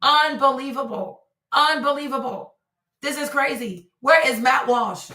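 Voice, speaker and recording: A woman's voice: sits high, measured pace, bright, forceful tone, echoey room, far from the mic. A woman hosting a live commentary stream, speaking emphatically and repeating herself for effect. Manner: emphatic, repetitive, exclaiming. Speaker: livestream commentator.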